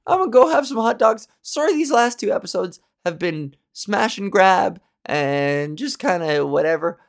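A woman's voice: animated, moderate pace, few pauses. A woman hosting her own podcast in a rambling, self-deprecating monologue, with a scratchy, slightly sore voice and plenty of swearing. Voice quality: scratchy low voice. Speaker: podcast host. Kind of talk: casual solo monologue.

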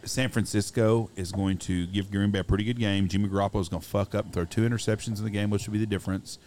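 A man's voice: lowish voice, fairly even intonation, fast, darkish tone, slight background noise. A man co-hosting a casual sports podcast, blunt and profane. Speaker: podcast co-host.

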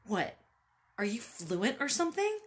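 A woman reading a blunt, sulky date of a man, accusatory and childish, lively in pitch. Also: a little slow. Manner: accusatory, pouting. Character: rude, childish young man on a bad date.

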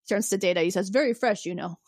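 A woman co-hosting a casual podcast, recounting scenes in an animated way and acting out characters' lines, with casual swearing. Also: lowish voice, racing, dry recording, clean studio sound. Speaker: podcast co-host. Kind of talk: casual recap chat.

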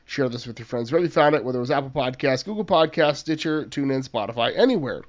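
A man's voice: mid-range voice, animated, fast, highs cut off. A man hosting a casual sports podcast, chatty and self-deprecating. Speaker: podcast host.

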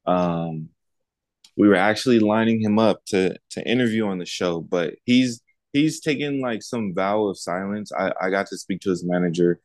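A man's voice: normal speed, dry recording. A man co-hosting a podcast, telling stories in casual chat and mimicking other people in raised voices. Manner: animated storytelling, mimics others in high voices. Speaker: podcast co-host.

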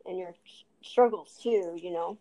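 A young woman host from New Mexico, raised in Texas, who has a speech impediment and talks warmly in a rambling way full of restarts. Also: lowish voice, moderate pace, poor audio. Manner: rambling, with many restarts and laughs. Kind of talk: casual heartfelt chat.

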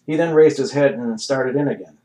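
A man narrating a comic novel in a wry, deadpan reading. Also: mid-range voice, brisk, low-quality recording. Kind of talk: audiobook reading.

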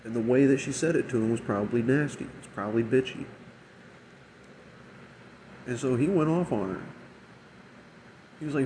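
This man, a restaurant shift manager, delivers a casual, profanity-filled rant about a bad shift at a moderate pace with long pauses, his middle-pitched voice a little mellow. He puts on mocking voices to quote others. A faint air conditioner hums behind him, and the rough recording carries a slight hiss or hum.

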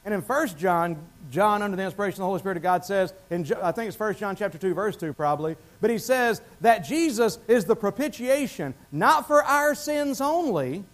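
Male pastor, high voice, conversational sermon delivery, quizzes the congregation. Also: fast, hardly any pauses. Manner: conversational, asks the congregation questions. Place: church.

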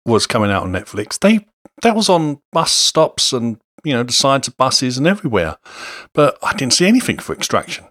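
A middle-aged man with a London accent co-hosts a podcast in a relaxed, talkative way, laughing easily and explaining at length. His voice sits at a middle pitch, recorded close and dry with no room echo. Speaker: podcast co-host. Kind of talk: casual chat.

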